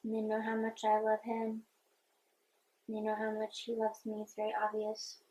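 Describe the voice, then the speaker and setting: A woman's voice: medium pitch, monotone, normal speed, warm tone, low-quality recording. A young woman vlogger in casual get-ready-with-me chat, talking in a chatty, heartfelt and earnest way.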